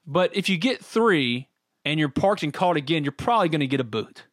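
A middle-aged man with a drawl, co-hosting a casual sports talk show. His voice sits a little high, and he tells animated stories and laughs often. The recording is close and dry, with no room sound. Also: fairly quick, no echo. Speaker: podcast co-host.

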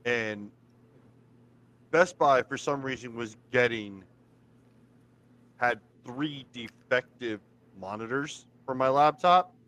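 A man co-hosting a casual podcast chat, telling a story in a plain, unhurried way. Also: medium pitch, fairly bright tone. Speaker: podcast co-host.

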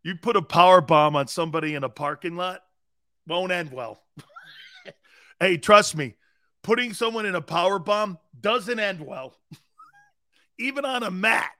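A middle-aged man hosting a sports talk show, rambling loudly with frequent laughs between topics. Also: high-pitched, unhurried, long pauses, no echo, studio quality. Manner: loud, laughing, rambling banter. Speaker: sports radio host.

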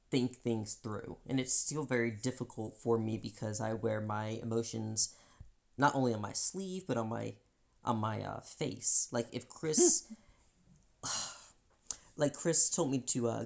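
A woman co-hosting a podcast, talking candidly about feelings in an animated way, often acting out voices and laughing. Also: a bass voice, vocal fry. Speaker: podcast co-host. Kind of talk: candid personal chat.

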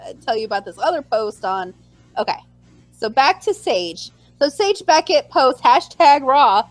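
Brief: woman co-host, very high and lively pitch, excitable storyteller, dry close mic. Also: dry recording, poor audio. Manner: animated, acts out her own reactions in a squealing voice. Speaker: podcast co-host. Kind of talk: casual chat.

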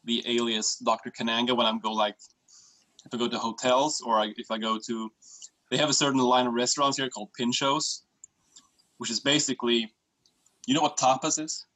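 A man's voice: medium pitch, little pitch movement, fairly quick, long pauses, bright, forceful tone, poor audio. A man chatting casually as a podcast guest, telling stories in an easygoing way. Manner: storytelling, easygoing. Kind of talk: casual chat.

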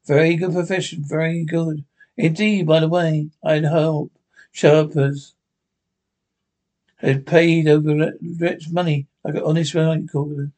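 A man's voice: fairly high pitch, flat delivery, a little slow, darkish tone, lightly acted. A man reading as a mocking older stranger. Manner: rambling, teasing, suddenly fierce. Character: mysterious older male stranger, mocking, unsettling.

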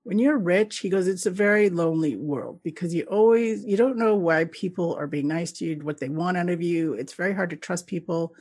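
A woman's voice: fairly low pitch, a little fast, hardly any pauses, husky. Chatty laughing woman telling travel stories. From Canada. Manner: lively, laughs often, acts out quoted people. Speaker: guest traveller. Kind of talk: casual storytelling interview.

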